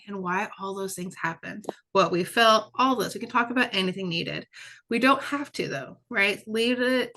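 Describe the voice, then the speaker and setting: A woman working as a presenter and curriculum developer leads a webinar in a chatty lecture style, punctuating it with "right?" and emphatic repetition. Her mid-range voice sounds bright and pushed.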